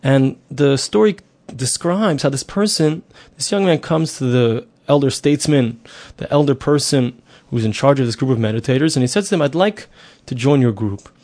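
A man's voice: mid-range voice, normal speed, few pauses, a little mellow. A middle-aged man giving a spoken Torah lesson, explaining earnestly, repeating himself and asking rhetorical questions. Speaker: Torah teacher.

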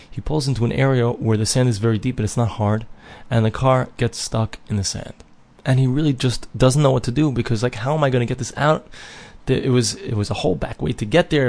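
A man's voice: medium pitch, gravelly, darkish tone. A man giving a conversational Torah talk, telling a story and mixing in Hebrew and Yiddish terms. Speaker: Torah teacher. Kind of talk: storytelling sermon.

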